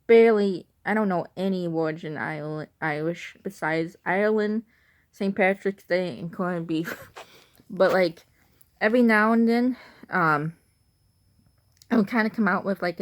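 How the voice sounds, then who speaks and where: A young woman from Illinois with an Illinois accent, rambling through a casual vlog monologue with lots of "like" and restarts. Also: lowish voice. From Illinois, USA. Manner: chatty, full of "like" and restarts. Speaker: vlogger.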